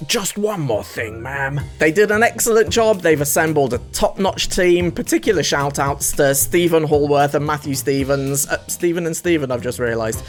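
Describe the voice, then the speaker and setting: A man's voice: fairly high pitch, normal speed, hardly any pauses, soft background music. A man hosting a casual vlog, talking in a playful, jokey way. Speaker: snooker vlog host.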